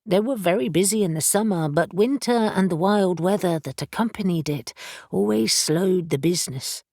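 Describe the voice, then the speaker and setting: A woman narrating an urban fantasy audiobook in a steady, measured way on a close studio mic. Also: lowish voice, dry recording. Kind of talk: scripted narration.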